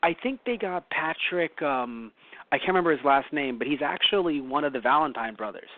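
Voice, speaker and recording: A man's voice: fairly high pitch, lively intonation, a little fast, dry recording. A man from New York co-hosting a casual talk show, rambling and correcting himself with lots of fillers. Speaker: podcast co-host. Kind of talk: casual chat. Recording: dry, phone-like lo-fi audio.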